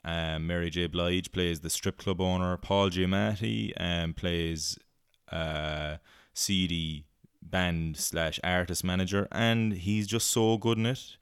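Irish man, low and smooth, loose chatty film reviewer, close dry mic. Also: fairly even intonation, slow, no room sound. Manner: rambling and chatty, with many fillers and casual swearing. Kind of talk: casual solo review chat.

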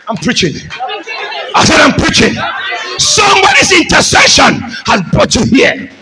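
A man preaching a fervent sermon as pastor, often shouting and calling the congregation to say amen. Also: very high-pitched, slight background noise, poor audio.

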